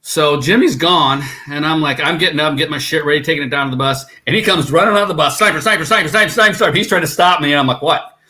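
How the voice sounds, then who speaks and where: A man in a band tells road stories as a podcast guest, swearing freely and acting out what people said. His voice is bright and sits a bit high. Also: fast talker, few pauses. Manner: swearing, animated storytelling that acts out quotes. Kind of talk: casual storytelling.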